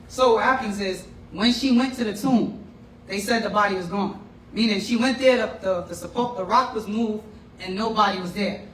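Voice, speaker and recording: A man's voice: high voice, normal speed, fairly bright tone. A man teaching a class in a casual, conversational way, often checking in with his listeners. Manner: conversational, often checks in with "right?" and "you know what I'm saying?". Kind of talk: informal lecture. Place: room with a class. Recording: roomy and distant with faint noise.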